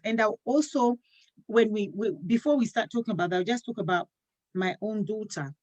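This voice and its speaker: A middle-aged woman hosting a talk show tells an earnest personal story, acting out what people said in casual conversation. Her mid-range voice is a little mellow, with lively intonation and a slightly fast pace.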